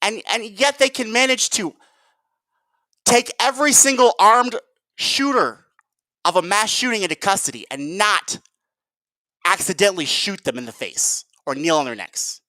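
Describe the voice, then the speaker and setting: A man's voice: high voice, lively intonation, normal speed, sharp tone, no echo. Angry ranting man, dry sound. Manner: ranting, profane, repeatedly addresses viewers as guys. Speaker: video commentator. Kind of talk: heated political commentary vlog.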